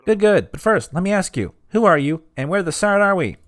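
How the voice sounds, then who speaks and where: A man voicing a bewildered young graveyard keeper in a video game, speaking in a high, excitable, whiny way. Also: a little fast, no echo. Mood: confused.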